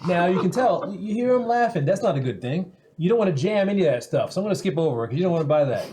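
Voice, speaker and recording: A man's voice: sits high, big pitch swings, racing, noisy background. A man chatting casually on a live stream as a player, explaining things in a rambling, self-interrupting way. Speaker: player explaining the show's store.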